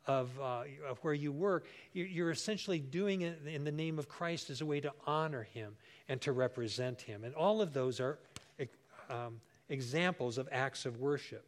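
A pastor in his sixties preaches a sermon in a slightly high voice at a moderate pace. He tells a homely story warmly, acting out the voices he quotes with big jumps.

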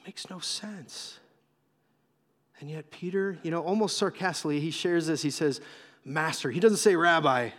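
A male pastor preaching a sermon, telling the story with animated, acted-out voices. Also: fairly high pitch, brisk, hardly any pauses. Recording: long hall reverb.

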